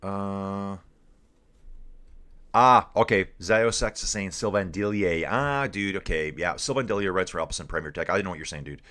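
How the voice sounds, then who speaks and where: Laid-back low-voiced man calling everyone dude. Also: moderate pace, a bit bright. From Canada. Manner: laid-back, calls everyone dude, reads chat aloud. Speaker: live stream host. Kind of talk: casual live race commentary and chat.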